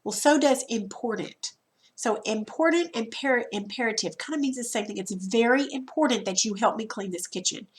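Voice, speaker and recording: A woman's voice: a little high, moderate pace. A woman teacher talking students through a recorded grammar lesson, chatty and informal, repeating herself and restarting as she explains.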